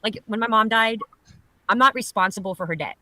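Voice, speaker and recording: A woman's voice: mid-range voice, fairly quick, sharp tone, no echo. A middle-aged woman from Pennsylvania, telling a personal story in a rambling, blunt and profane casual chat.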